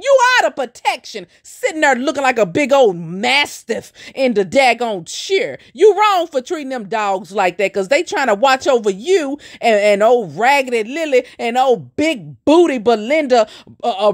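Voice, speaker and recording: A woman's voice: on the high side, big pitch swings, normal speed. A woman giving teasing, mocking reaction commentary and talking straight to her viewers. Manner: sassy, teasing, talks to viewers as y'all.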